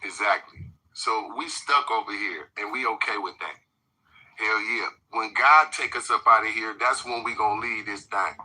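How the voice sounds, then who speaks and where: Man, casual commentary, bright and sharp, husky, heated and profane. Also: lowish voice, normal speed, low-quality recording. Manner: animated, profane, swings from loud outbursts to muttering. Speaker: commentary co-host.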